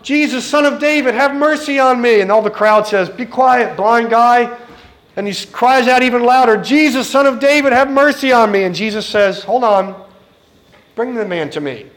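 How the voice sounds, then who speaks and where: Man, middle-aged, preacher, sermon, high-pitched, earnest, direct. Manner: earnest, direct, acts out quoted voices.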